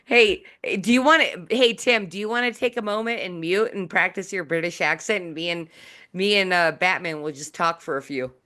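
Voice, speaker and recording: A woman's voice: on the low side, normal speed, pushed and bright. A woman hosting a talk show over a video call, playful and teasing, laughing often. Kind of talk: casual video call chat.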